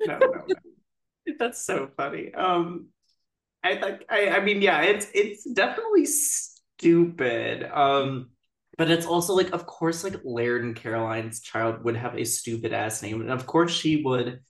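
With a deep, expressive voice and a slightly slow delivery, this podcast co-host casually talks through a TV episode. She giggles a lot and keeps dropping "like" into her sentences, all captured with a roomy echo.

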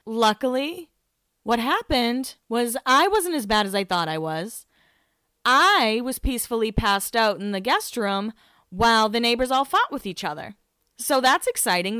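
A woman's voice: mid-range voice, a bit bright, smooth, no room sound, clean studio sound. Candid, swearing young woman telling a story. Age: 20s. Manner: candid, swears a lot, laughs at herself. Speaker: podcast host. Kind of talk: casual storytelling monologue.

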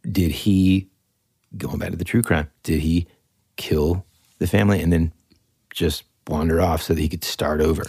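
A young man co-hosting a casual podcast chat, rambling and animated, with lots of fillers. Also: low voice, normal speed, creaky, husky, no room sound, clean studio sound. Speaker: podcast co-host.

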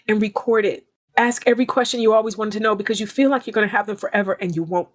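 A woman's voice: medium pitch, fast talker. A woman guest on a podcast talking in an earnest, heartfelt way, stressing her points by repeating phrases. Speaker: guest actress.

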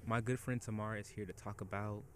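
A man from the United States hosting a casual podcast, animated and joking, often loud and expressive. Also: lowish voice, fairly quick, a little hiss or hum. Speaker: podcast host. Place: indoor podcast setup.

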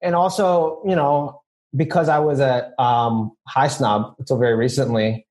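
A man's voice: mid-range voice, steady tone, unhurried, darkish tone. Laid-back man, chatty and laughing. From Filipino heritage. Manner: laid-back, laughs often, hesitant restarts. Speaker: podcast guest. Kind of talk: casual chat.

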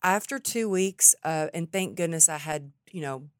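A woman hosting a podcast, chatting casually and telling animated stories about her family. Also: low voice, moderate pace, no echo, clean studio sound. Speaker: podcast host. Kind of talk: casual interview chat.

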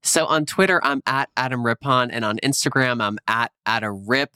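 A man's voice: mid-range voice, moderate pace, bright, forceful tone, clean tone, no room sound, studio quality. A man co-hosting a podcast in casual chat, upbeat and encouraging. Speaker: podcast co-host.

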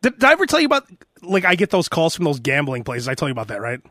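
Animated high-voiced man telling stories. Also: very fast, dry recording, studio quality. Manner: animated storyteller acting out phone calls. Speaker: podcast host. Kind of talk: casual chat.

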